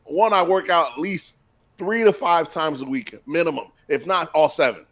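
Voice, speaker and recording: A man's voice: a little high, normal speed, a bit bright. A young man co-hosting a casual podcast chat, boasting and sometimes talking with food in his mouth. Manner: boastful, talks while eating. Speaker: podcast co-host.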